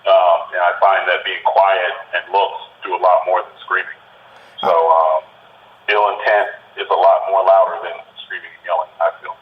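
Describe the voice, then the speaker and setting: A man being interviewed over the phone, talking quietly and calmly, a guest who says he is just not a yeller. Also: low-pitched. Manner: quiet, unhurried, never yells. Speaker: guest, pro wrestler. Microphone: telephone. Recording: dull phone line.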